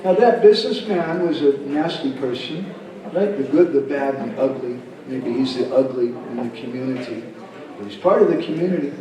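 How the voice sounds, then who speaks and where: A man's voice: mid-range voice, lively intonation, moderate pace, crowd noise. A man at a devotional camp telling a story and acting out its characters. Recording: echoey hall, speaker far from mic.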